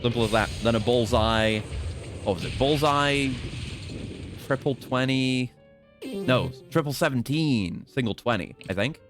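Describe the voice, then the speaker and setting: A man's voice: mid-range voice, unhurried, music in the background. A man streaming a game, commentating casually with playful, jokey trash talk.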